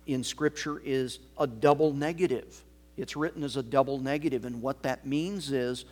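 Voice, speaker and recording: A male pastor delivers a sermon at an unhurried pace, leaning hard on repeated words to drive his point home. His pitch sits in an ordinary middle range. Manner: slow, emphatic preaching with deliberate repetition.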